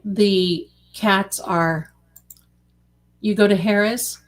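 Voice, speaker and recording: A woman hosting a casual late-night livestream, chatty and animated, calling her viewers darlings. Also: mid-range voice, drawn-out words. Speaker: livestream host.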